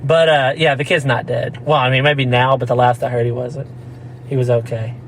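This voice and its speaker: A man's voice: medium pitch, flat delivery, moderate pace, a little hiss or hum, rough recording. A man telling a rambling story in casual chat, laughing often and slipping into mock voices. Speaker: podcast co-host.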